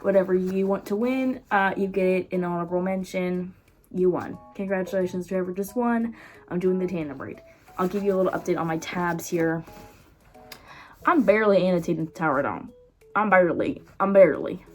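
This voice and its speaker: A woman book vlogger in casual chat, rambling and excitable with frequent laughs. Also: lowish voice, fairly quick, faint music behind.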